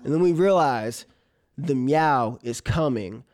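A man, a comedian, telling a personal story on stage in an animated way, often laughing and imitating a cat's meows. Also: medium pitch, slow. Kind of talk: live storytelling.

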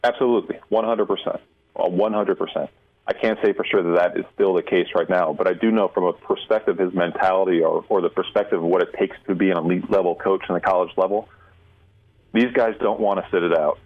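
A man, a college football insider, answering questions on a radio show in a measured, emphatic way. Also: deep voice, fairly even intonation. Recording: tinny phone line.

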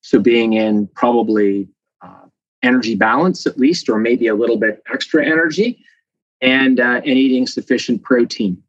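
A man, a scientist guest, explaining in a lively, conversational way with many fillers and frequent laughs. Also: mid-range voice, moderate pace, no room sound, muffled recording. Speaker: muscle protein scientist guest. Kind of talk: conversational interview.

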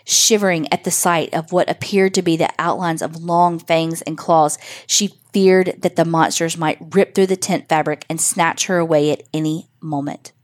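A woman narrating a scripted spooky story for children in a measured, suspenseful way. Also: low-pitched, steady tone.

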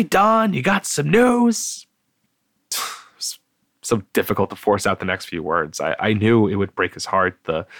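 A man telling his own painful story aloud in a halting, subdued way, stumbling over repeated starts. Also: sits low, no room sound. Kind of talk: personal storytelling, read aloud.

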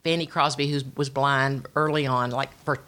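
A woman's voice: extremely low pitch, moderate pace. A middle-aged woman telling a personal faith testimony, acting out quotes as she goes. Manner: animated storytelling with voiced quotes. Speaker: speaker sharing testimony.

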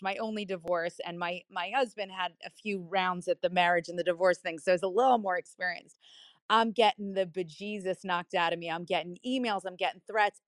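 A woman telling a personal story on a live audio chat, animated and emphatic, repeating key phrases. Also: on the low side, no echo, studio quality. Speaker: guest speaker.

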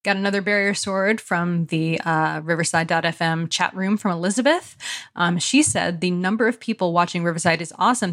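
A woman co-hosting a podcast in casual chat, talkative and quick to laugh. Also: lowish voice, a bit bright. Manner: chatty, laughing, quick asides. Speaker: podcast co-host.

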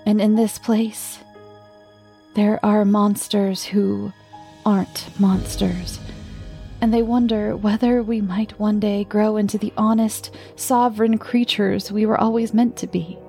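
Female narrator for a dark fiction story: hushed, half-whispered, unhurried, with a gravelly edge. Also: mid-range voice, little pitch movement. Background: music.

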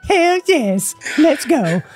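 Man doing a gushing Southern belle in a high put-on drawl, lively. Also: very slow, faint music behind, heavily acted. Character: sweet Southern belle woman, trusting and gushing.

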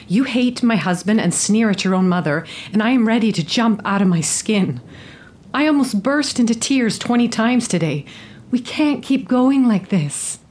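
A woman's voice: mid-range voice, a little mellow, natural voice. Woman playing a tired young wife, fed up and scolding, stage drama voice. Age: young adult. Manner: exasperated, lecturing. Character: weary young wife, exasperated and firm.

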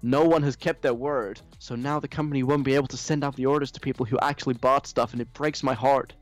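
A man's voice: medium pitch, fairly even intonation, quick pace, dry recording, faint music behind, natural voice. A man putting on an American accent to voice an entitled, whiny young female influencer, in a mock reading of a social post. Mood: self-pitying. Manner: self-pitying, whiny.

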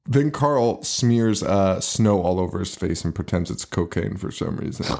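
A man's voice: sits low, normal speed, vocal fry. A man co-hosting a podcast, laughing a lot and swearing as he retells scenes. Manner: laughs often, profane, animated retelling. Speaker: podcast co-host. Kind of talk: casual podcast chat.

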